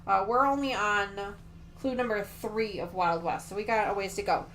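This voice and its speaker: A woman's voice: medium pitch, moderate pace, fairly bright tone, a little hiss or hum. A woman hosting a quilting livestream, chatting casually and gushing over her projects while answering viewers. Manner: gushing and chatty, reads viewer comments aloud.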